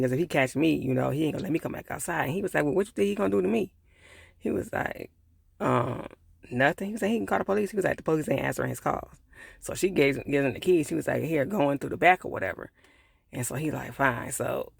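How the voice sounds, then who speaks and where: A man's voice: mid-range voice, gravelly, dry recording, clean studio sound. A man giving a casual, rambling recap of a TV episode, acting out the characters' lines and dropping fillers like "or whatever.". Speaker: TV reviewer.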